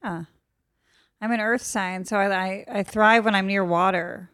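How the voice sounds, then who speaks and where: A young adult woman hosting a podcast, chatting casually in a blunt, deadpan way with some swearing. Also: mid-range voice, a little slow, no room sound, clean studio sound. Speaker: podcast host.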